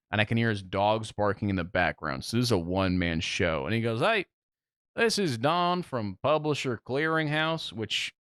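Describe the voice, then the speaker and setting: A young man co-hosting a podcast, telling a story in casual chat and acting out the quotes with big jumps in pitch. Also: fairly bright tone, clear, resonant tone, no echo, clean studio sound. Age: young adult. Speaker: podcast co-host.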